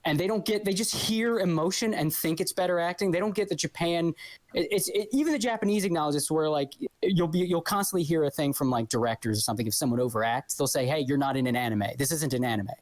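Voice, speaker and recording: A woman's voice: fairly low pitch, quick pace, a little mellow, no echo. A woman co-hosting a casual podcast chat, rambling with many restarts and fillers. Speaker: podcast co-host.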